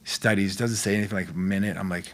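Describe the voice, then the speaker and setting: A man's voice: low-pitched, fairly even intonation, fast, a bit bright. A middle-aged man telling stories as a podcast guest, in a laid-back, slangy way that rambles with restarts. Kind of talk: casual storytelling chat.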